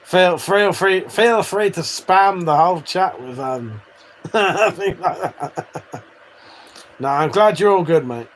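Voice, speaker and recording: A man's voice: high voice, animated, slow, a bit bright, slight background noise. A British man chatting casually with viewers on a live stream, swearing freely and bantering. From United Kingdom.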